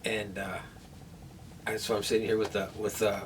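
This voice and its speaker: A man with a lowish voice and a level tone speaks at normal speed, vlogging at home after surgery. Sore and in pain, he tells a rambling, nervous story to the camera, restarting again and again. The distant camera mic picks up faint room noise.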